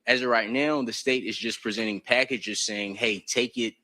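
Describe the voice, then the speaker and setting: A man's voice: medium pitch, steady tone, pushed and bright. A man, a defense attorney, arguing formally in court. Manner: brisk, formal. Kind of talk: courtroom argument.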